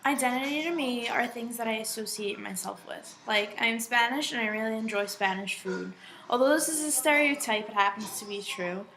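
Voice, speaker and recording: Bright-voiced woman answering thoughtfully. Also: fairly high pitch, fairly quick, low-quality recording. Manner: thoughtful, casual. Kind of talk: interview answer.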